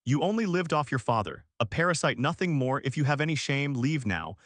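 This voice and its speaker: A man's voice: mid-range voice, lively intonation, a little fast, a bit bright, no echo, lightly acted. Cold stepmother in her forties, contemptuous and cutting, read by a man in a dry, close recording.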